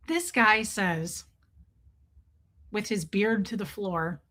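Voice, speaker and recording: A woman hosting a casual livestream, telling a story in an animated, profane ranting way and answering chat comments. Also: medium pitch, measured pace. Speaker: livestream host.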